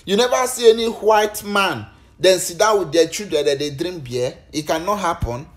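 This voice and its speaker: A man's voice: high voice, moderate pace. A Nigerian man speaking Nigerian Pidgin English, giving preachy, repetitive advice in a casual monologue.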